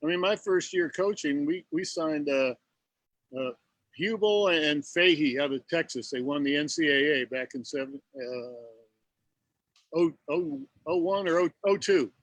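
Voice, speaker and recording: A man in his sixties, a former pitcher and coach, telling folksy coaching anecdotes as a guest in a casual interview. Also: a little slow, fairly bright tone, dry recording, rough recording. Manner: folksy anecdotes with quoted exchanges.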